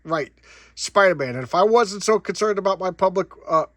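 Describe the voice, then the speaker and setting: Man doing a gruff, snapping young superhero. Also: high voice, expressive, brisk, fairly bright tone, dry recording, clean studio sound, voice pushed up. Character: brash young male superhero barking orders.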